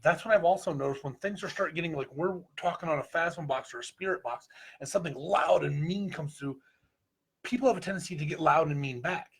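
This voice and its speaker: A man with a Midwestern American accent talks in a high, husky voice. His delivery is folksy and joking, the easy style of a co-host in a casual group chat about paranormal investigation. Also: fairly quick, a bit bright. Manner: joking, folksy advice-giving.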